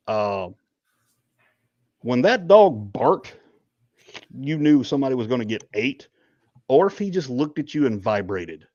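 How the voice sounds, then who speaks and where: A man's voice: medium pitch, sing-song, measured pace, long pauses, a little mellow, no room sound, dull audio. A man co-hosting a podcast, telling a long story in a casual, joking way with lots of ums. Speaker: podcast co-host.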